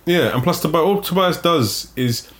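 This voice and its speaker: A man from England chatting casually about a TV show, rambling and restarting his sentences, quick to joke. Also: fairly high pitch, animated, fairly bright tone. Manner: rambling, restarts often, jokey. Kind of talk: casual chat reviewing a TV show.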